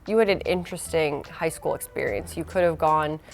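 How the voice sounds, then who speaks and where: A woman conducting an interview, asking measured, prepared questions. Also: sits low, gravelly.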